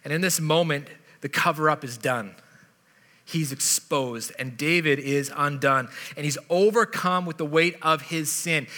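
A man preaching with a bright, forceful edge and a somewhat high voice. He retells the story in a relaxed, chatty way, as if speaking to friends. His words ring out with the long reverb of a big hall. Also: measured pace. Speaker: pastor. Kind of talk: sermon.

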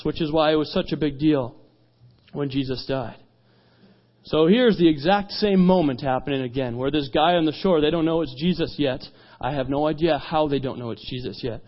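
Man, preaching, lively storytelling, fairly high voice, dull lo-fi recording. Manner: animated, acts out dialogue, rises in pitch and volume at climaxes. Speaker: youth pastor. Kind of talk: sermon with storytelling. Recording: dull lo-fi sound.

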